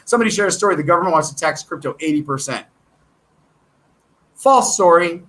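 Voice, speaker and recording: An American man hosting a stock market livestream, rambling and excitable, with self-deprecating asides. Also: on the high side, brisk. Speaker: stock market show host. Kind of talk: casual livestream commentary.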